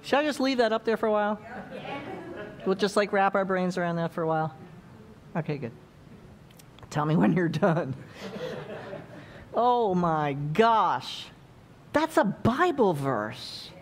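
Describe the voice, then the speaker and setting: A woman delivers a sermon in a church with a lively, bouncing voice that rises and falls a lot. She talks at an unhurried pace, playful and chatty, slipping into little acted-out quotes. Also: lowish voice. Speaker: preacher.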